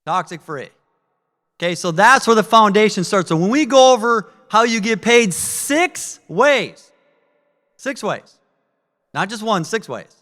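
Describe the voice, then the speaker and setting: A man giving a live sales training talk, energetic and asking the audience questions. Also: high-pitched, normal speed, in a large hall. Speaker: network marketing trainer. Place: training event room with audience.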